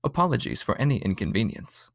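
A man voicing a female android clerk whose voice is meant to be soothing but sounds slightly robotic, raised a little in pitch, in a dry reading. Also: sing-song, fast talker, vocal fry, dry recording. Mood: polite.

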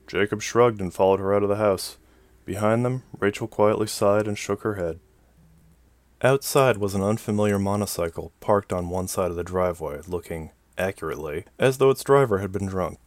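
A man narrating a science fiction story in an even, measured way. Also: fairly low pitch, no echo. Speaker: audiobook narrator. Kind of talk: scripted narration.

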